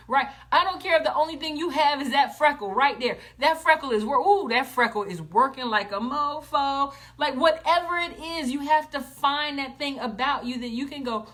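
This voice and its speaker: A woman's voice: high voice, moderate pace, few pauses, fairly bright tone. A woman giving a motivational talk in a sassy, plain-spoken way, acting out what people say and using slang. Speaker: motivational speaker.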